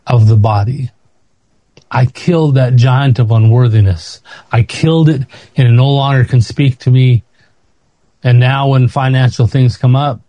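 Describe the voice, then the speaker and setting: Middle-aged male preacher, mellow and dry, emotional testimony style. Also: no room sound. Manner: emotional testimony, voice rising high when pleading. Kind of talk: sermon.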